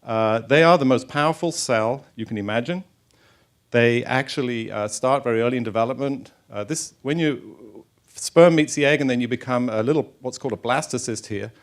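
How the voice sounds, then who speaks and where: A man's voice: mid-range voice, moderate pace. A middle-aged man, a researcher, giving a public science lecture with slides in an informal, chatty way, with many fillers and restarts. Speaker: stem cell researcher giving a talk. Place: lecture hall.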